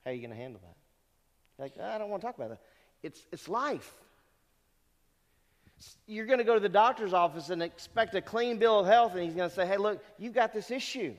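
A man's voice: sits high, animated, normal speed. A middle-aged man preaching a sermon to graduating students, earnest and conversational, often asking rhetorical questions. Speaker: pastor. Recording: long reverb of a hall.

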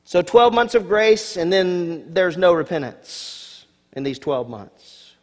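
Male pastor, slightly high voice, expressive sermon delivery with punchy emphasis and friendly asides; church hall reverb. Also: slow. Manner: expressive preacher, rising emphasis on key words, asides to congregation.

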